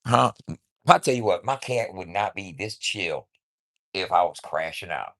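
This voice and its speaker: A man's voice: deep voice, expressive, measured pace, vocal fry, a bit bright. A man ranting casually to camera at home, swaggering and taunting with profanity and laughs. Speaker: vlogger. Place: at home with his cat.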